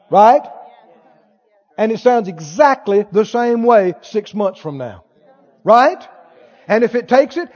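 High, lively preacher in echoing hall. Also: male voice. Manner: emphatic, asks the crowd for replies. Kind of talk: sermon. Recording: dull lo-fi sound in a reverberant hall.

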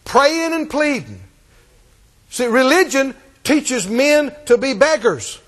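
Male preacher, very high and animated delivery, emphatic repetition, long church reverb. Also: slow pace. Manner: emphatic, repetitive, call-and-response. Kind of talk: sermon.

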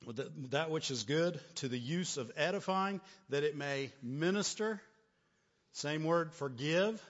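Pastor guy preaching, kinda high voice, church echo and muffled sound, keeps asking "right?". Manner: repetitive call-and-response, frequent "right?" and "amen?". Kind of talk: sermon. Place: church hall. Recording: long church reverb, dull lo-fi sound.

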